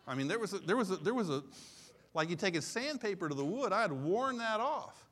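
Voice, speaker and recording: A man in his sixties preaching a sermon in an animated, conversational way, repeating his key phrases. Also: sits high, fairly quick. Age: 60s. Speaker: pastor.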